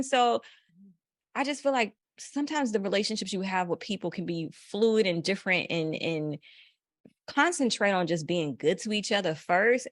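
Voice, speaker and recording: A woman's voice: medium pitch, no room sound, clean studio sound. A woman from the United States, a podcast guest, talking bluntly in slangy casual chat and laughing often.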